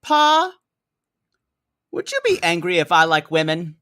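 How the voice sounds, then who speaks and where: A man voicing a nervous young woman coming out to her religious parents, timid and halting. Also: high-pitched, wildly swooping pitch, sharp tone, no room sound, studio quality, heavily acted. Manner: timid, hesitant.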